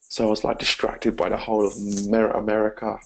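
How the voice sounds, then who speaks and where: A man's voice: on the low side, monotone, brisk, vocal fry, low-quality recording. A man with a British accent, a motivational speaker telling an earnest personal story and often calling his listeners "guys". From Britain. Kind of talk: personal story told to camera.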